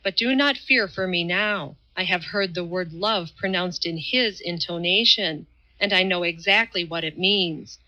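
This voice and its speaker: A woman voicing a fierce, devout Highland swordsman who speaks in a fervent, solemn, preaching tone, in a dull lo-fi recording. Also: a little slow, bright, forceful tone. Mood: impassioned.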